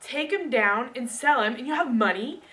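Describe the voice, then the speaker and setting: A woman's voice: fairly high pitch, expressive, normal speed, a bit bright, far from the mic. A woman voicing a generous talking apple tree in a book retelling, speaking in a cheerful, offering manner. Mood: eager.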